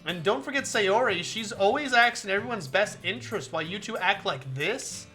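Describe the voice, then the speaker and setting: A woman's voice: medium pitch, animated, normal speed, sharp tone, soft background music. Monika, a firm club president read by a woman. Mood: scolding.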